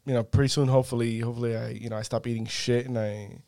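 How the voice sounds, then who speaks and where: A man's voice: mid-range voice, level tone, fast talker, gravelly, dark tone, no room sound, studio quality. A man chatting as a podcast guest, hesitant, with many fillers and restarts. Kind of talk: casual chat.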